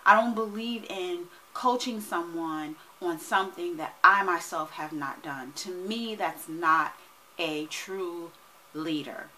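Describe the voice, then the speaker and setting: Forceful, lower-pitched woman coach vlogging. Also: takes it slowly, a little hiss or hum, rough recording. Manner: energetic and emphatic, often asks "right?". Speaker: money and wealth coach. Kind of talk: casual vlog talk to camera.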